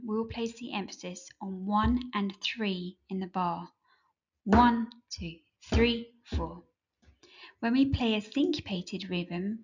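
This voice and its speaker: A woman narrating a children's music lesson in a clear, measured, instructive way. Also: medium pitch, lo-fi sound. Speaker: music teacher. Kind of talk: scripted educational narration.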